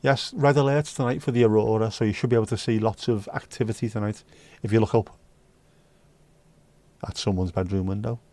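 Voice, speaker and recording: Chatty Scouse man, warm mellow voice. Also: lowish voice, steady tone, a little fast. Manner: chatty, joking, banters with chat and sings snatches. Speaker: livestream host reading chat. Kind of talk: casual chat.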